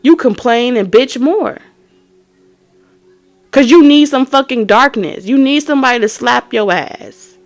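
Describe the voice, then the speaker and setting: A woman's voice: sits high, measured pace, pauses often, faint music behind. Blunt, profane woman tarot reader. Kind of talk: profane tarot reading rant.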